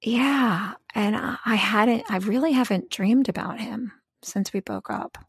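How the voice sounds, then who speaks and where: A woman's voice: on the high side, unhurried, husky, no echo, studio quality. A woman co-hosting a podcast in casual, rambling chat, full of fillers and restarts. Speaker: podcast co-host.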